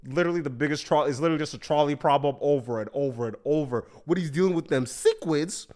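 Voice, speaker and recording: Animated high-voiced podcast host. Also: male voice, fast. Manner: animated, slangy retelling. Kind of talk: casual chat.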